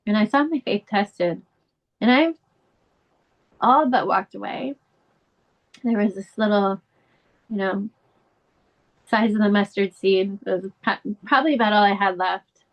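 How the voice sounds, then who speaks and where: A woman's voice: measured pace, pauses often, poor audio. A middle-aged woman speaking candidly as an interview guest, telling a painful family story in an earnest, emotional way. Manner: earnest, candid, rising pitch when emotional. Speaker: guest, bereaved mother and advocate.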